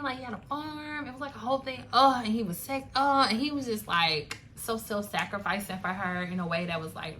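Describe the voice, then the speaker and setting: Chatty young woman, bright voice. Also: a little high, a little hiss or hum. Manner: chatty, animated, laughing asides, lots of "like" and "y'all". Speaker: book reviewer. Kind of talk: casual chat. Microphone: phone camera.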